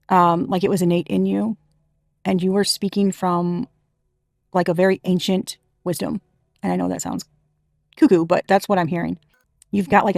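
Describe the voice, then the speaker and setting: A woman's voice: fairly low pitch, vocal fry, darkish tone, no room sound. A woman reads tarot for her viewers in a loose, chatty way. She is emphatic, swears freely and laughs often. The recording is dry and close, with no room sound. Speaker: tarot reader. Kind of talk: casual spiritual reading to camera.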